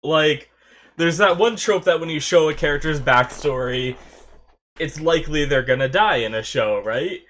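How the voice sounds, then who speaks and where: A young man reacting to an anime episode in casual commentary, excitable and emotional, swearing and laughing, his nose stuffy from crying. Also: fairly high pitch, normal speed, slight background noise.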